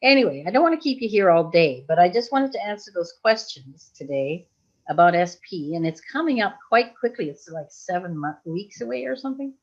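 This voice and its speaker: Her lowish voice swings widely in pitch and moves fairly quickly as this sixty-something Belgian hypnosis trainer chats on a livestream. She rambles, laughs a lot, and the recording is dull and lo-fi.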